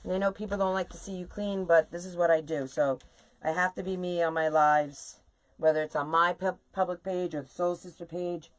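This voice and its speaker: A middle-aged woman hosting a live stream, chatting to viewers in a lively, casual way while she makes a wreath bow. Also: lowish voice, fairly quick. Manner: chatty, animated, talks to viewers while working. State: sore legs from standing. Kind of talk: casual chat while crafting on a live video.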